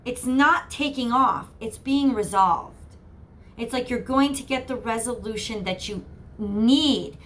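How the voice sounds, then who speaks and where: A woman's voice: on the high side, fairly even intonation, a little slow, a bit bright. Earnest woman giving a tarot reading. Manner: earnest, repetitive, encouraging. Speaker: tarot reader.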